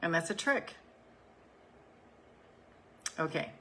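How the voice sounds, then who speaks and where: A woman's voice: fairly low pitch, expressive, takes it slowly, fairly bright tone, slight background noise, poor audio. A woman in her seventies, a life coach, talking casually on a group call and reading affirmation cards, frank and given to repeating her points. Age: 70s. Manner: frank, swears freely, repeats phrases for emphasis.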